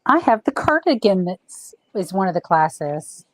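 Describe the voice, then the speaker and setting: A woman's voice: medium pitch, very animated, a little slow, no room sound, low-quality recording. A chatty, self-deprecating woman hosting a casual livestream chat over a video call. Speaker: event host.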